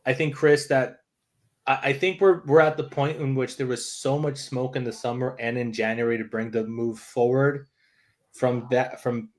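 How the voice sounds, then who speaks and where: Guy co-hosting a footy podcast, cusses a lot, blunt and heated, middle-pitched voice. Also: fairly even intonation, moderate pace. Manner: swears freely, blunt and heated. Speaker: podcast co-host. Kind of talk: casual chat.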